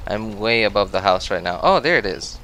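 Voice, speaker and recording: A man's voice: on the low side, animated, a little fast, pushed and bright, a little hiss or hum. Chatty Filipino man streaming a game. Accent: American. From Philippines. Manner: chatty, reacts aloud and answers chat. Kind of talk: gameplay livestream commentary.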